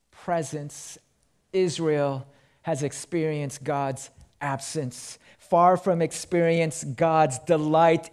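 A man preaching a sermon to his congregation in a slow, emphatic delivery that swells loud and then sinks quiet. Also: a little high. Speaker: pastor.

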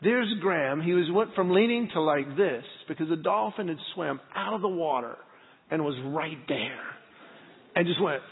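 A middle-aged man preaches in a large church hall, acting out every bit of dialogue in his story. His voice sits a touch high for a man. The sound is thin and phone-like, with a long reverb trailing each phrase. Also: normal speed, creaky, slight background noise. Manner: animated, acts out dialogue in the story. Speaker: pastor. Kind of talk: storytelling sermon.

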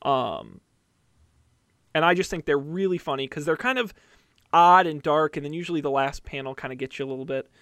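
Chatty upbeat podcast host, dry close sound. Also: male voice, on the high side, fairly quick, a bit bright, clean tone, dry recording. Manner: upbeat, chatty, many fillers and restarts. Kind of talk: casual podcast chat.

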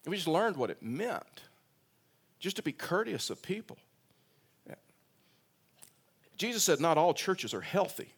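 A man's voice: on the high side, big pitch swings, measured pace, long pauses, breathy edge. A man preaching a sermon in a conversational way, telling a personal story, often repeating words and restarting, and rising in voice for emphasis. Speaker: pastor.

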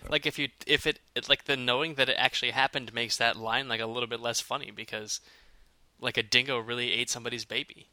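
Male podcast co-host, bright tone, chatty and halting, dry booth sound. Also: medium pitch, steady tone, dry recording. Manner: chatty, hesitant, many fillers and restarts. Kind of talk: casual chat.

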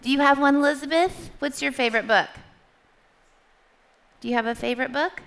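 A middle-aged woman giving a church testimony talk as a small group leader, chatty and animated, asking her audience questions. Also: sits high, fairly quick, vocal fry.

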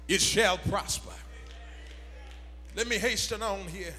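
A pastor preaching a sermon to his congregation, swelling into a shouted, half-sung cadence. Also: slow, pauses often, in a large hall. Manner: builds from low murmurs to shouted, half-sung whooping cadence. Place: church sanctuary.

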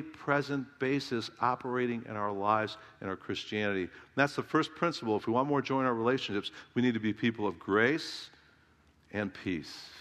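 A man's voice: mid-range voice, a bit bright. A middle-aged man pastor preaching a sermon with emphatic delivery, firing rhetorical questions at his congregation. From Southern California. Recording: long reverb of a large hall.

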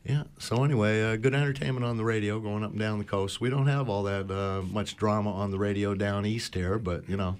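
A man's voice: fairly low pitch, steady tone, brisk, hardly any pauses, clean tone. A man telling rambling boating anecdotes on a community radio talk show, full of fillers. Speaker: boat talk show regular. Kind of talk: casual storytelling on community radio.

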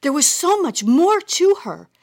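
A woman narrating her own personal story in a gentle, reflective manner. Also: sits high, very animated, measured pace. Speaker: narrator and host. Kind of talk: reading a personal story aloud.

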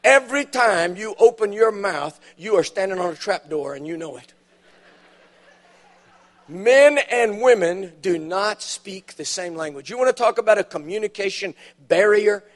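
A man's voice: high voice, lively intonation, normal speed. A man preaching a sermon in a church, telling humorous stories and building to emphatic punchlines. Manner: storytelling with dramatic punchlines, emphatic rises. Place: church auditorium.

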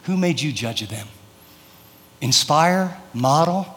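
A man's voice: fairly high pitch, lively intonation, slow, a bit bright, long reverb tail. A man preaching a sermon in a conversational way, acting out prayers and telling stories. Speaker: pastor.

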